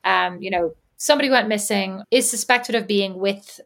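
A woman who lives in Indiana co-hosts a podcast, telling stories in casual chat with lots of asides and fillers. Her medium-pitched voice is gravelly and fairly bright, at a moderate pace.

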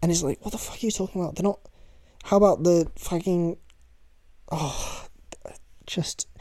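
Young British host, casual solo podcast, warm tone, chatty and sweary. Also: medium pitch, normal speed, long pauses, no room sound. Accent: British English. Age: young adult.

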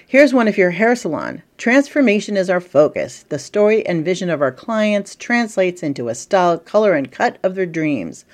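A middle-aged woman talks through a casual business lesson, chatty and lively. Her voice sits a little low for a woman, and she slips in playful asides as she coaches. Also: moderate pace, hardly any pauses. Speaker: marketing coach and podcast host.

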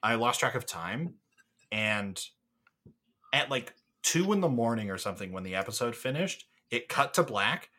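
A man's voice: mid-range voice, expressive, normal speed, pushed and bright. A young man co-hosting a podcast, chatting casually, rambling enthusiastically with lots of fillers and casual swearing. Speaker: podcast co-host. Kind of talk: casual chat.

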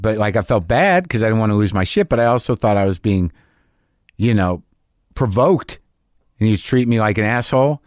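A man's voice: on the low side, darkish tone, no echo, studio quality. A middle-aged man, a stand-up comic and host, telling a candid, profane story and acting out both sides of an argument.

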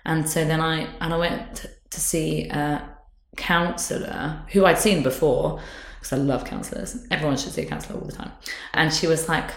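Chatty low-voiced woman, roomy sound. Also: steady tone. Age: 30s. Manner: chatty, candid, quick to laugh. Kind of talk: casual chat. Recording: roomy echo.

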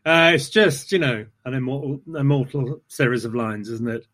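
A man hosting a relaxed conversation. He rambles through anecdotes with self-deprecating asides, and his pitch leaps up and drops back often. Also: moderate pace, hardly any pauses. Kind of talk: casual conversation.

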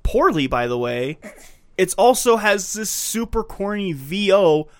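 A man's voice: high-pitched, expressive, measured pace. A man co-hosting a casual movie-review podcast, giving sarcastic, exasperated commentary. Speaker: podcast co-host.

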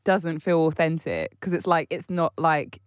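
A woman co-hosting a casual panel discussion, telling stories expressively and acting out the voices of the people she quotes. Her voice sits a little low for a woman, and the sound is dry and close, with no room echo. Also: unhurried. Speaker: podcast co-host.

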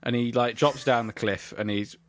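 A man's voice: medium pitch, steady tone, moderate pace, no echo. A man hosting a podcast, rambling through stories with lots of giggles. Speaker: podcast host. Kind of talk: casual chat.

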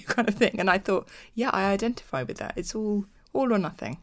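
A woman's voice: mid-range voice, fast, few pauses. A woman hosting a podcast, guiding a casual interview with friendly asides. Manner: friendly, leading the conversation with asides. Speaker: podcast host.

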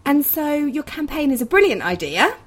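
A woman's voice: high voice, moderate pace, a little hiss or hum. Woman in her thirties telling a story. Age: 30s. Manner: animated storytelling with emphatic outbursts. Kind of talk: conversational interview.

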